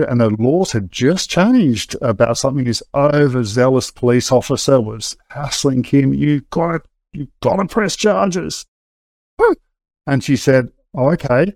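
Recorded with no room sound, a middle-aged man with a mid-range, slightly mellow voice is interviewed about his life. His storytelling is candid and casual, marked by frequent hesitating and starting over.

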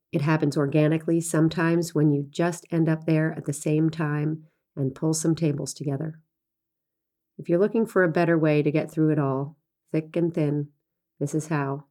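A woman farmer narrating a personal essay in an unhurried, reflective reading. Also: low voice, dark tone.

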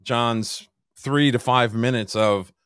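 A man co-hosting a podcast talks in a blunt, sarcastic way and swears casually while he needles his partner. His voice sits at a medium pitch. The sound is dry and close to the mic. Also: fairly even intonation, slow, a bit bright, smooth, dry recording. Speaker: podcast co-host. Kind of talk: casual argumentative podcast banter.

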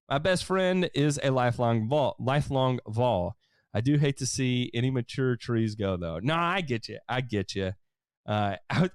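A man's voice: medium pitch, no room sound, clean studio sound. A man hosting a lawn care livestream, casually reading and answering viewer comments with jokes. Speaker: lawn care show host.

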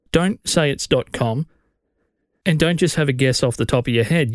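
An Australian man hosting his own podcast, talking bluntly and casually. His voice sits at a middle pitch. It is recorded dry and close to the mic, with no room sound. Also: clear, resonant tone, dry recording. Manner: blunt, conversational, opinionated. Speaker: podcast host. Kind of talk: solo podcast advice.

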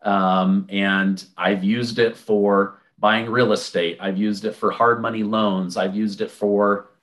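A man's voice: on the low side, takes it slowly. A man in a casual interview, telling a personal story conversationally and acting out the dialogue he quotes, with frequent restarts and fillers. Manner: animated, acts out quoted dialogue in a raised voice. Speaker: interview guest.

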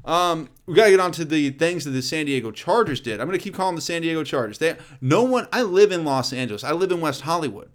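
A man hosting a casual solo sports talk show, blunt and profane, riffing with loud and quiet swings. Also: a little high, expressive, fast, hardly any pauses.

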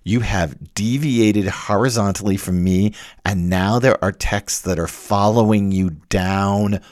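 A man's voice: lowish voice, fairly even intonation, measured pace, a little mellow, dry recording, clean studio sound. A man giving an academic lecture, explaining patiently with occasional fillers and self-corrections.

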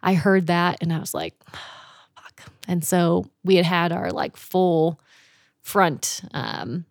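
A young woman telling a camping story in casual chat, animated, laughing often and swearing freely. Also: lowish voice, slow pace, no room sound, studio quality.

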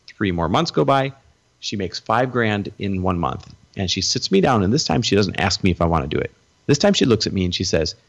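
A man's voice: on the low side, expressive, brisk. A middle-aged man telling his story as a guest in an interview, acting out the voices of the people he quotes.

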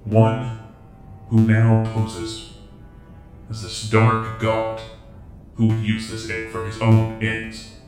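A man voicing a formal, measured cyborg council leader in a tabletop game. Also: lowish voice, completely flat delivery. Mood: stern. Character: stern male cyborg council elder, crab-legged. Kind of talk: tabletop role-play voicing. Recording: echoey, with loud guitar music.

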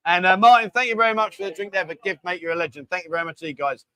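A man's voice: high voice, very fast, a crowd in the background. A man hosting a casual livestream from a bar, chatting with the staff and reading out viewer comments. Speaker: livestream host.

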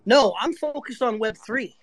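Man, high voice, dry sound, rambling, earnest, casual voice chat. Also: normal speed, a bit bright, no echo. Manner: rambling, earnest, self-promoting. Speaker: guest speaker.

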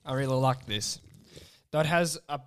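A young man co-hosting a casual podcast into his mic. His voice sits at a middle pitch, and he fills the chat with goofy, playful banter. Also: moderate pace, fairly bright tone, smooth. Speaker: podcast co-host.

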